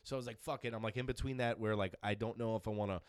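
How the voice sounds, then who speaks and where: A man's voice: fairly low pitch, steady tone, rapid-fire, dry recording, clean studio sound. A man telling crude stories in casual chat, swearing often and acting out other people's voices. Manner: storytelling, acts out voices, swears a lot.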